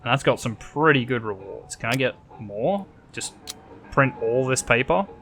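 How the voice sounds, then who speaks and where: An Australian man narrates his own playthrough of a game, thinking aloud in a chatty, offhand way with the odd mild swear. His voice sits at a middling pitch and moves around a lot as he talks. Faint game music plays behind him. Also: expressive, normal speed, fairly bright tone. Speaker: let's play host. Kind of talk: casual gameplay commentary, reading game text aloud.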